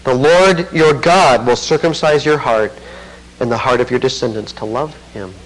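A man's voice: normal speed, poor audio. A man preaching an expository sermon, reading scripture aloud and commenting with earnest, swelling emphasis. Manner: earnest, rising to fervent emphasis then dropping low.

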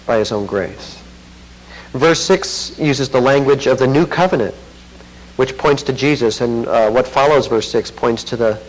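A man preaching an expository sermon, reading scripture aloud and commenting with earnest, swelling emphasis. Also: rough recording. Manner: earnest, rising to fervent emphasis then dropping low.

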